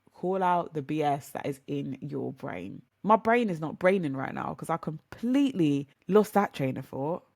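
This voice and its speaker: Chatty woman podcaster, low-pitched. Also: no echo, studio quality. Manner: chatty, rambling, upbeat, addresses listeners as guys. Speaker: podcast host. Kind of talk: casual motivational monologue.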